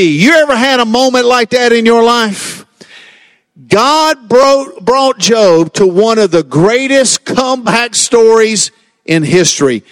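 A man preaches a sermon as a pastor. He drags some lines out slowly and rushes through others. The sound is dry and close. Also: lively intonation, a bit bright, no room sound. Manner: preaching with dramatic swings in pitch and pace.

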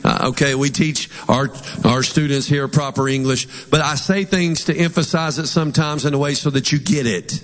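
A man preaching with emphatic delivery, and his voice sits a little high for a man. He leads the congregation in call-and-response lines, and a long reverb trails his words through the sanctuary. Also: fairly even intonation, normal speed. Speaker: pastor. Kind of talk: sermon.

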